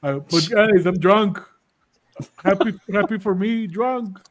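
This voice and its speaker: High-voiced joking podcast man. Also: slow pace. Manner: jokey interjections, drops Spanish slang. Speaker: podcast co-host. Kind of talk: casual chat. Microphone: video call.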